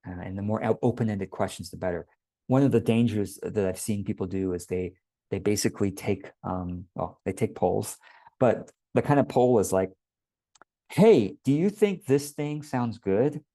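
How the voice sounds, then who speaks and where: Guy coaching a small business workshop, lowish mellow voice, chatty, dry sound. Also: moderate pace, no echo. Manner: conversational, breaks into quoted voices. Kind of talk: casual workshop teaching.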